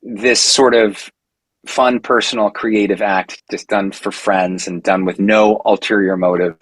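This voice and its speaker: A husky, somewhat low-voiced man in his forties recounting a story on a podcast. He talks casually and animatedly, full of fillers and self-corrections. The sound is dry and close to the mic. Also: steady tone, a little slow, fairly bright tone, no echo, low-quality recording. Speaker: podcast guest, actor.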